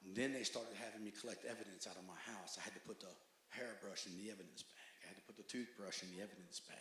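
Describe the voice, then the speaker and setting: Forceful man testifying in an echoey hall. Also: fast talker. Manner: emphatic storytelling, swings between loud outbursts and hushed low stretches. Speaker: testimony speaker at a recovery meeting. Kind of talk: personal testimony to a church group. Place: church meeting hall.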